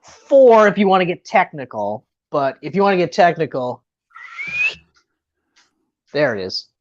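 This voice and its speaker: Excitable swearing woman on a lo-fi mic. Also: low-pitched, unhurried, a little hiss or hum. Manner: excitable, swears often, laughs a lot. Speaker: podcast co-host. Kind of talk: casual movie review chat. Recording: dull lo-fi audio.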